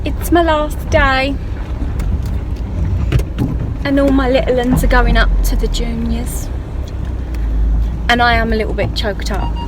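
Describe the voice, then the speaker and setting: A woman's voice: on the high side, steady tone, normal speed. A woman, a teacher chatting casually in her video diary, gushing and laughing often, filmed at arm's length. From England. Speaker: vlogger and school teacher. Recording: noisy car recording with loud traffic. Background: loud outdoor traffic noise.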